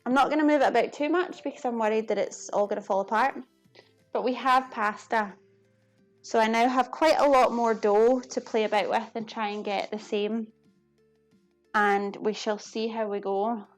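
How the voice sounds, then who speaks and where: A Scottish woman from the Glasgow area with a fairly high voice chats away while she cooks, chatty, self-deprecating and quick to laugh. She talks to her viewers as she works, and faint music plays behind her. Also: fairly even intonation. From Scotland. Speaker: live cooking streamer. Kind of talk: casual chat while cooking and reading chat.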